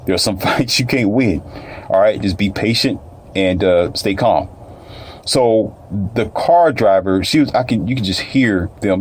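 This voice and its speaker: A man's voice: lowish voice, a little slow, slight background noise. A man telling a personal story in casual, colloquial speech, repeating phrases and addressing listeners directly.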